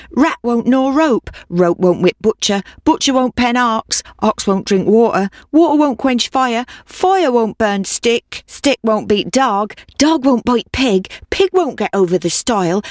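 A woman's voice: a little high, lively intonation, unhurried, no room sound, studio quality, pitched above the performer's own voice. A woman voicing an old woman in a folk tale, chanting a long list in a singsong way. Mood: pleading.

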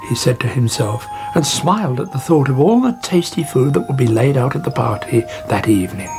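A storyteller reading a children's story aloud in a playful, expressive way, with music behind. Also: medium pitch. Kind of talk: storybook narration.

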